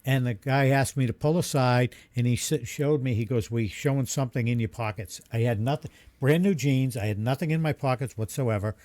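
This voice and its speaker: A man's voice: mid-range voice, a little fast, few pauses, darkish tone, dry recording. A man co-hosting a podcast in casual chat, plain-spoken, with dry jokes. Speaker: podcast co-host.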